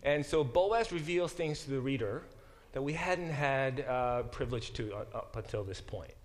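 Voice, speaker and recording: A man's voice: mid-range voice, animated, moderate pace. A middle-aged man giving a lecture to a class as its professor, explaining with frequent fillers and restarts. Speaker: professor teaching a Bible class.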